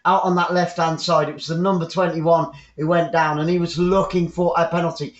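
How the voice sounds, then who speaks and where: A man's voice: on the high side, little pitch movement, a little fast. An English man giving chatty live football commentary for an online stream, repeating his phrases and rambling into asides. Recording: roomy, dull lo-fi sound.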